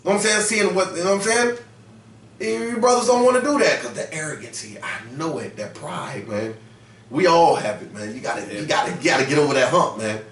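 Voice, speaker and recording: Guy preaching scripture street-style, kinda high voice, lots of "man", sounds far off in an echoey room. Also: animated, fairly quick, fairly bright tone, slight background noise. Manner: emphatic, slangy, repeats "man" and "you know what I'm saying". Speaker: teacher leading a scripture study. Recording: roomy sound from a distance.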